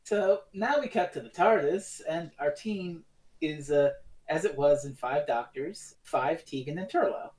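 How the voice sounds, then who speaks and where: A man co-hosting a podcast, chatting casually about a TV serial, animated and swearing freely as he acts out quotes. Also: a little high, unhurried. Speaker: podcast co-host. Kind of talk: casual review chat.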